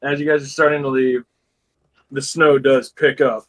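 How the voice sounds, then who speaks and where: A man's voice: mid-range voice, flat delivery, moderate pace, low-quality recording. Casual man running a tabletop game. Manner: loose, rambling, swears casually. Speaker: game master.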